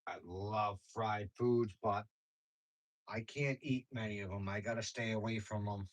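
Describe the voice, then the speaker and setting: A man's voice: on the low side, fairly even intonation, a little slow, rough recording. A man hosting a livestream, casually chatting with viewers and telling rambling stories with slangy speech and frequent laughs. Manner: rambling, storytelling, laughs often. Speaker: livestream host.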